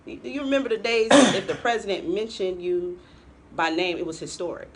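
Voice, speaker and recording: A woman's voice: on the low side, fairly quick, a little hiss or hum. A woman co-hosting a political talk show, giving pointed commentary and laughing often. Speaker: co-host.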